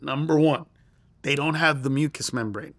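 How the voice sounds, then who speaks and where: A man's voice: a little high, moderate pace, fairly bright tone, dry recording. A middle-aged man, a comedian and interview guest, telling a story with lots of energy and acting out quoted lines in a raised voice. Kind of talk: animated storytelling.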